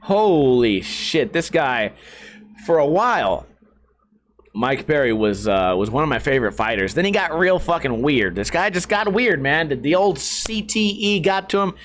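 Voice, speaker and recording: Man, podcast host, casual solo rant, brash, profane, excitable, slightly high voice. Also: moderate pace, slight background noise.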